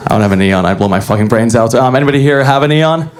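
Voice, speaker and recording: A young man doing a deadpan, self-deprecating stand-up comedy set on a club stage. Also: mid-range voice, racing, crowd noise.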